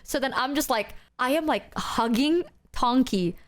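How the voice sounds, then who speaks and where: A streamer woman from Southeast Asia tells a story to her chat in a relaxed, casual way. Her voice sits somewhat high, and she fills her talk with "like" while she acts out what people said. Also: measured pace. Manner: chatty, fillers of "like", acts out quotes.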